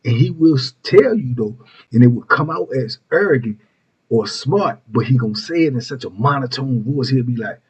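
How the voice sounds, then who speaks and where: This middle-aged storyteller host recounts prison tales casually, animated at a normal speed, with laid-back street slang and tangents. His mid-range voice is husky with a darkish tone. The lo-fi recording sounds muffled.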